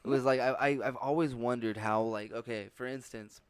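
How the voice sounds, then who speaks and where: A man's voice: mid-range voice, fairly even intonation, a little fast. A man, a comedian, in casual podcast chat, rambling through stories with lots of "like" and frequent swearing. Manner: rambling storyteller, heavy use of "like"; swearing, laughing often.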